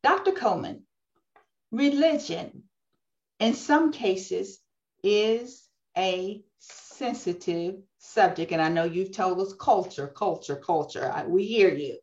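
Slow-speaking woman talk show host. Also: medium pitch, expressive, darkish tone, highs cut off. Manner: slow, deliberate questions. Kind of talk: interview hosting.

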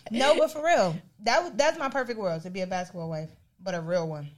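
A young adult woman co-hosting a casual podcast chat, playful and quick to laugh. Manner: animated, playful, laughs often, swoops high for emphasis. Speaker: podcast co-host.

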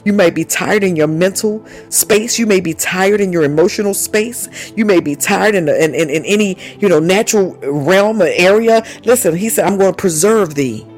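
A woman's voice: medium pitch, normal speed, few pauses. A woman preaching a charismatic sermon, fervent and repetitive, often saying "listen" and "my God", with speech. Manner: fervent, repeats "listen" and "my God", speaks in tongues. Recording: faint music behind.

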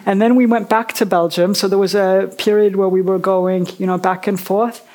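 A woman's voice: mid-range voice, steady tone, normal speed, darkish tone. Chatty woman author in her fifties. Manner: chatty, rambling storyteller. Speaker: author interviewed as festival guest. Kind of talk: casual on-stage interview. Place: book festival stage.

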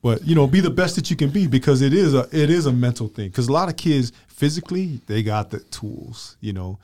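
Middle-aged male host, playful, teasing, mid-pitched, casual delivery. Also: lively intonation, brisk, a little mellow. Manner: joking, teasing, laughing. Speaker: podcast host. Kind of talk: casual chat.

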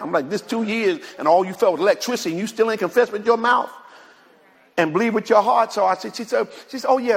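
A preacher tells a story to his congregation, stumbling through repeated words. His voice sits high and gravelly, with a husky edge. It rings out in a church with a long, trailing reverb. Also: fairly bright tone. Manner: retells a conversation in many quoted lines, repeats words, speaks to the congregation. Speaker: pastor. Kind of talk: sermon storytelling. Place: church sanctuary.

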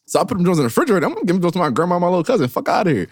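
Lively young man telling funny stories. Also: sits high, racing, no room sound, studio quality. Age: young adult. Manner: animated storyteller, laughs often, acts out quotes. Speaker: podcast co-host. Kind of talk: casual storytelling chat.

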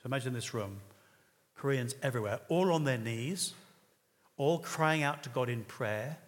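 A man's voice: mid-range voice, normal speed. A man preaching a sermon in an earnest, conversational way, with occasional hesitations. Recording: reverberant hall.

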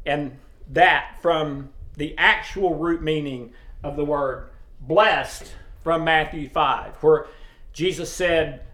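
A man's voice: fairly high pitch, slow, a bit bright. A middle-aged man giving a sermon in a plain conversational teaching way, often checking in with his listeners. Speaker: preacher. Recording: roomy echo.

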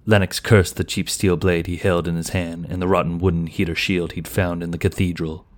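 A man narrating a fantasy audiobook in a slow, even, measured way. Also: deep voice.

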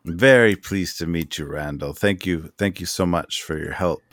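A man voicing a calm, composed woman leader who speaks politely and evenly. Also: sits low, normal speed, no room sound, studio quality. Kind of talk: voicing a character in a tabletop game.

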